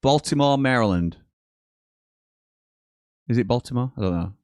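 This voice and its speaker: A British man hosting a live football watchalong, reading viewer comments aloud and breaking into quick commentary on the match. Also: medium pitch, animated, darkish tone, clear, resonant tone, no room sound, studio quality. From Britain. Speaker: watchalong host.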